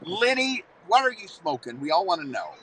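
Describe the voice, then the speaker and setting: A man's voice: high voice, very animated, normal speed, a bit bright, slight background noise, low-quality recording. A man hosting a live trivia stream, upbeat and playful as he reads questions, speaking from a vehicle. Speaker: trivia host.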